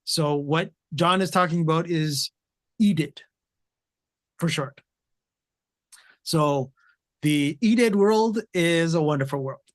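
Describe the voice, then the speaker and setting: Rambling man hosting a tech show. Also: fairly high pitch. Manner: rambling, many fillers and restarts. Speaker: host. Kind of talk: casual tech talk.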